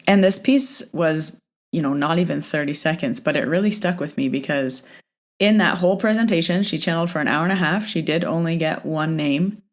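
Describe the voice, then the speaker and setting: A woman with a notably low voice hosts her own podcast as a medium. She tells stories in a loose, chatty way, often retelling back-and-forth exchanges. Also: a little fast. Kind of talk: casual podcast storytelling.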